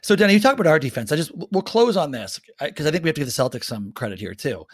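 Fast-talking man ranting about basketball. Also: on the high side, dry recording, studio quality. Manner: animated, emphatic, quick rants. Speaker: podcast host. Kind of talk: casual sports chat.

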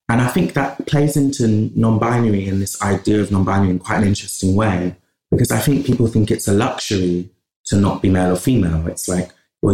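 A podcast guest from England talks passionately in long runs with restarts during a conversational interview. He has a low, warm voice, and the recording has a roomy echo.

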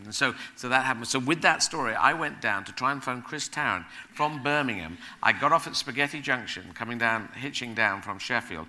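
A middle-aged man, a guest, telling animated anecdotes in a casual chat, rambling and correcting himself as he goes. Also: medium pitch, brisk, few pauses.

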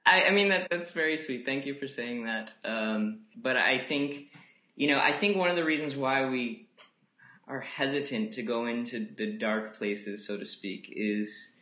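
A man talks in a gentle, musing way, scattering "you know" through his thoughts as a podcast guest. His voice is bright and forward. The room around him is echoey. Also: medium pitch, a little slow. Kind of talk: reflective casual conversation.

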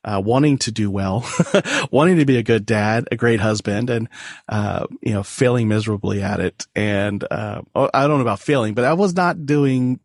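A man's voice: medium pitch, moderate pace, dry recording, studio quality. A man in his forties, a podcast guest, telling a personal family story in a candid, self-deprecating way with frequent laughs.

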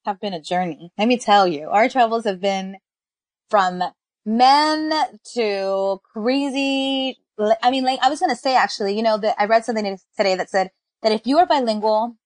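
A woman's voice: a little high, brisk, no room sound. A woman co-hosting a casual podcast chat, talking with enthusiasm and dropping in Spanish phrases. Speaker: podcast co-host.

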